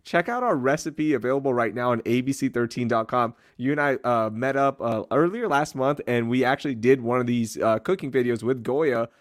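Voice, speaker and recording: A relaxed young adult man co-hosting a casual chat show, laughing easily and steering into promos. His voice sits dry and close, with no room sound around it. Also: medium pitch, a little fast, few pauses, no echo. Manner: easygoing, laughs often, promotes segments. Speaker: co-host.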